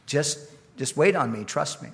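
A man voicing a calm, reassuring divine voice within a story told in a sermon. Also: fairly high pitch, gravelly, big-room sound. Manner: soft, slow, reassuring.

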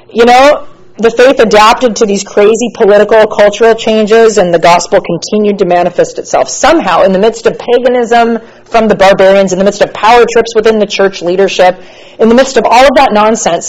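An American woman teaching church history in a casual lecture, chatty and relaxed with frequent fillers and asides. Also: mid-range voice, poor audio.

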